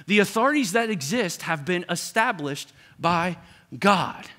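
Middle-aged male pastor preaching, bright-toned, pitch swinging high and low. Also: a little slow. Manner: animated, acts out quoted parents with raised voice. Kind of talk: sermon.

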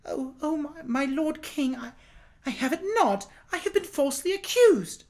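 A man's voice: very high-pitched, sing-song, normal speed, a little mellow, voice pushed up, exaggerated voice. A man voicing a terrified accused peasant woman who stammers as she pleads in a storybook reading. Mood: frightened pleading.

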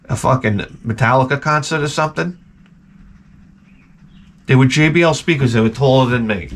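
A man hosting a video, telling a rambling, profane story full of restarts and acting out quoted people in a higher voice. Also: fairly bright tone. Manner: jumps up in pitch to act out quoted people. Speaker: video host. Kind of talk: casual rambling anecdote.

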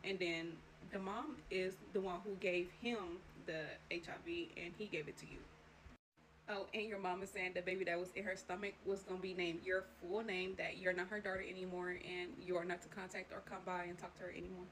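A woman vlogger retelling a dramatic story in a casual, profane, animated way, addressing the listener as 'you'. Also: lowish voice, a little fast, few pauses, a little hiss or hum. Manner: profane, animated, tells it in second person.

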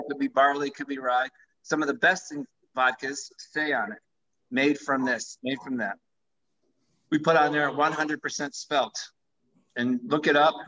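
Bright-voiced man, enthusiastic pitch. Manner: enthusiastic, pitching his product. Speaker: vodka company founder. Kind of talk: live-streamed conversation. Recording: dull lo-fi livestream audio.

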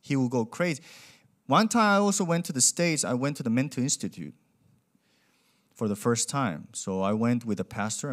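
Lively young male preacher. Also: mid-range voice. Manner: animated, acts out quoted voices, non-native grammar. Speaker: pastor. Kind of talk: sermon with storytelling.

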